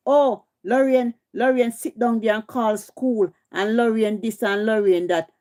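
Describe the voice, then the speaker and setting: A woman's voice: on the low side, darkish tone. A middle-aged woman with a Jamaican accent, hosting a livestream and scolding, confrontational and repetitive. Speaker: live stream host. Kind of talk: heated livestream rant.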